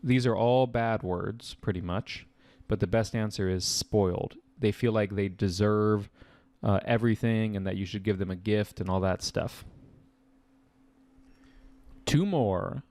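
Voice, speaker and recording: A young man explaining vocabulary answers as a test-prep tutor, chatty and casual with quick asides. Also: fairly low pitch, a little mellow, no echo.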